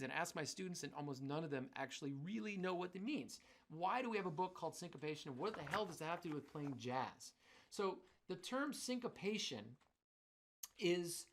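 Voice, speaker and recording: A man's voice: high-pitched, a bit bright. A man teaching a drum clinic in a studio, wearing a mic and scatting rhythms with syllables as he explains. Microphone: wearing a microphone.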